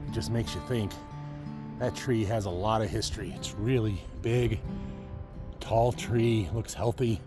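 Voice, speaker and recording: A man's voice: lowish voice, fairly even intonation, a little slow, music in the background. Out-of-breath male hiker, casual trail commentary recorded outdoors on camera. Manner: panting, talking while walking through snow. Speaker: vlogger hiking. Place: snowy mountain forest outdoors.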